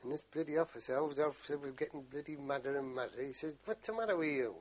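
Older veteran, husky voice, a bit high, swears freely, rambling yarns on dull lo-fi tape. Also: male voice, fast, few pauses, a little mellow. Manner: rambling, salty storytelling with frequent swearing. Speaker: veteran interviewee. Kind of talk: oral history interview.

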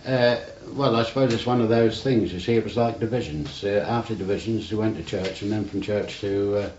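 Heard on dull, roomy archival tape with a faint hiss, an older navy veteran tells rambling stories in an oral history interview. His lowish, slightly mellow voice moves briskly with fairly even intonation, and he keeps saying "you see".

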